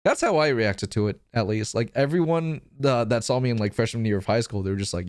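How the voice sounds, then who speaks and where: A young man talks loosely on a livestream, rambling from one story to the next and swearing freely as he pokes fun at himself. His voice sits a little higher than most men's. The sound is dry and close, with no room around it. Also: animated, a little fast, clean tone, no room sound. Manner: rambling, swearing, self-mocking. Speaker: streamer. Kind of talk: casual stream chat.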